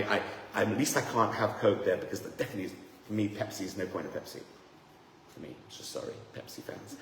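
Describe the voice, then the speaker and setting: Animated rabbi in an echoey hall. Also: male voice, fairly low pitch. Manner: animated, joking, self-deprecating. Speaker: rabbi, seminar teacher. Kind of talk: lively Torah seminar talk. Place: room with a live audience. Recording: echoey hall, faint noise.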